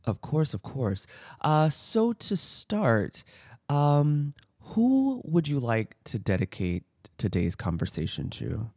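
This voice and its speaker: A man's voice: medium pitch, wildly swooping pitch, slow pace, a little mellow, dry recording, clean studio sound. A man hosting a podcast interview, talking in a thoughtful way with many fillers and restarts. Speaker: podcast host. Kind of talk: conversational interview.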